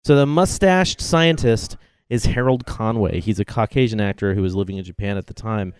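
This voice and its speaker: A man's voice: lowish voice, moderate pace, a little mellow, clean tone, no room sound, clean studio sound. A man co-hosting a film commentary, chatting wryly and packing in trivia. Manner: knowledgeable, wry, trivia-heavy. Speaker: podcast co-host.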